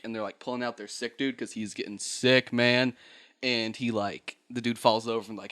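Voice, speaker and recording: A man's voice: on the low side, level tone, measured pace, a bit bright, clear, resonant tone. A man hosting a podcast, telling a story casually, rambling and laughing, swearing and acting out voices. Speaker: podcast host.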